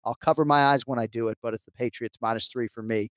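An American man hosting a casual sports betting chat, chatty and self-mocking with quick asides. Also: mid-range voice, steady tone, fairly bright tone, dry recording. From United States. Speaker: host.

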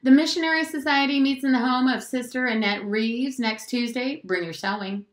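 A woman's voice: high voice, moderate pace, pitched above the performer's own voice, close to an everyday voice. A woman voicing a stern small-town male preacher who reads formal announcements to his congregation. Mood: solemn. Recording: roomy echo.

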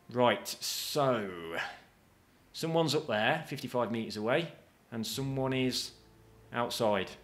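A man's voice: on the low side, a bit bright. Chatty man narrating a game. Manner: chatty and jokey, with casual swearing and asides to viewers. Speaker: gaming video host. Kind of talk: let's play commentary.

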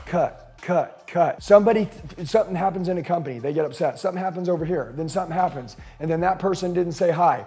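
Forceful, profane male sales coach. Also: on the high side. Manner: intense, emphatic and profane, with rapid rhetorical questions. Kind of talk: motivational business coaching talk.

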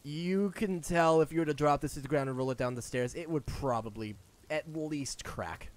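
A man's voice: a little high, moderate pace. A man running a tabletop game as game master, narrating casually with restarts and spoken sound effects.

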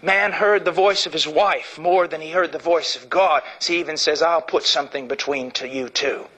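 Man preaching a sermon, high voice, bright edge, fervent, shouts then drops low. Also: moderate pace, rough recording. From Illinois, United States.

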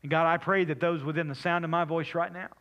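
A man pastor preaching and praying, swinging between loud appeals and soft whispered prayer. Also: a little high, fairly even intonation, fast, lo-fi sound. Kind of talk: sermon and prayer.

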